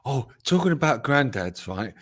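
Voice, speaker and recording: A man's voice: mid-range voice, very animated, normal speed. Joking man telling stories. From Britain. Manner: jokey, swearing, laughs while telling stories. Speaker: co-host. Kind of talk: casual banter.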